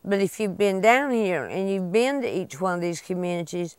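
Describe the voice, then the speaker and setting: Plain-spoken woman with a high tide brogue. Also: animated, moderate pace, clean tone, no room sound. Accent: Outer Banks brogue. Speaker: teacher. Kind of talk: casual interview.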